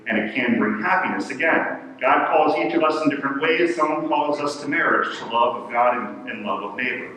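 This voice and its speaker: Earnest priest preaching in an echoey church. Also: male voice, mid-range voice, a bit bright. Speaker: pastor. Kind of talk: sermon. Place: large church. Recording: echoey church hall from far off, faint ambience.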